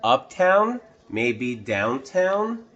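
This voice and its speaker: A man voicing a frantic young boy in a storybook, high and pleading. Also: big pitch swings, slow pace, highs cut off. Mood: urgent. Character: young boy, frantic over his fish.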